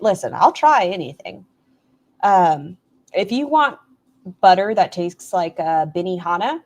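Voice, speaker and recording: A woman's voice: on the low side, darkish tone. A woman hosting a casual livestream, rambling and reading out chat comments as she goes. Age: adult with a son. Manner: rambling, reads and answers chat aloud. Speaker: livestream host. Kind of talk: casual live-stream chat.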